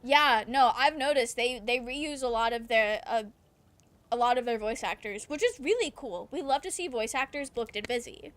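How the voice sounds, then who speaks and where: A woman's voice: a little high, normal speed, a bit bright, no room sound. A young woman streaming a video game, chatting casually and reading chat aloud, laughing often and ranting with swearing. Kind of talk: casual gameplay commentary.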